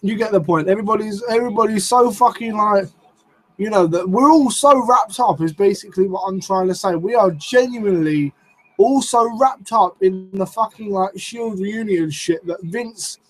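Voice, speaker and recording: A young man ranting casually on a live stream, excitable and swearing, rambling as he reacts to wrestling. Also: high-pitched, moderate pace, rough recording.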